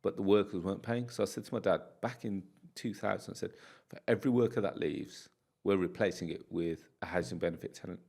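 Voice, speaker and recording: Low gravelly-voiced man telling stories. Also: fast talker. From United Kingdom. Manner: animated storyteller, acts out dialogue. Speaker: podcast guest, property landlord. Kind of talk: casual podcast interview.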